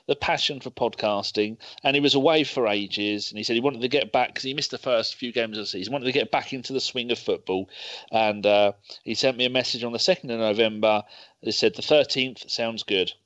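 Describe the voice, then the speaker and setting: A man's voice: mid-range voice, a little fast, fairly bright tone, no echo, muffled recording. A man hosting a casual podcast chat, bantering, swearing and laughing as he reads out questions. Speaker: podcast host.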